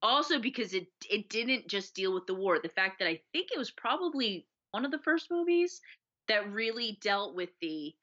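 A woman's voice: mid-range voice, sing-song, normal speed, bright, forceful tone. A woman co-hosting a casual film podcast, enthusiastic and acting out scenes as she talks. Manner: enthusiastic, acts out movie lines. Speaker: podcast co-host. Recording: dull lo-fi audio.

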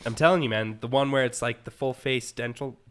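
A man's voice: mid-range voice, a little fast, fairly bright tone, clear, resonant tone. A man in a casual podcast chat who suggests practical fixes and makes dry jokes. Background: friends laughing.

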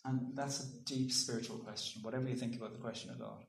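A man giving a thoughtful public talk, pausing and restarting, and reading a poem aloud. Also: mid-range voice, fairly even intonation, gravelly. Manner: thoughtful, halting with ums and restarts. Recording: roomy echo.

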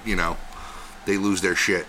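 A man's voice: sits low, level tone, moderate pace, bright, forceful tone, a little hiss or hum. A man chiming in with profane wisecracks in casual podcast chat. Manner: wisecracking, swears, chimes in with jokes. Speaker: podcast co-host.

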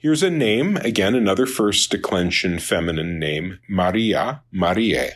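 A man teaching a Latin lesson in an unscripted lecture, halting with many fillers and restarts and dry asides. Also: sits low, expressive. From Minnesota, United States.

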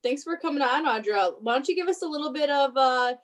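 Casting: woman co-host, a bit high-pitched, playful teasing. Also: animated, quick pace, crowd noise. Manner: teasing, laughing. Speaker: podcast co-host. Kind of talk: casual podcast interview.

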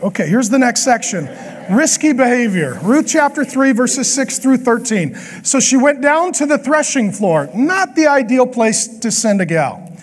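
A man preaching a sermon as a pastor, with lively, joking asides to the congregation. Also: high-pitched. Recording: long hall reverb.

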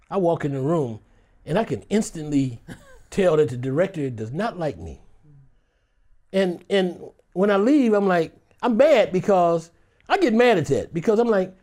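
A middle-aged male actor telling stories in an interview, laughing often and acting out the people he quotes. His voice sits high for a man and swings widely in pitch as he talks. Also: very animated, moderate pace, darkish tone. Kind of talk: interview answer, storytelling.

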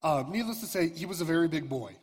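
A young man, a youth pastor, retelling a scripture story to teenagers in a casual, halting way with fillers and restarts. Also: fairly high pitch, lively intonation, slightly rough. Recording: reverberant hall.

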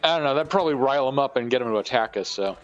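A man's voice: medium pitch, expressive, racing, lo-fi sound. A man playing a tabletop game, thinking aloud and hesitating over his moves. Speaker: player.

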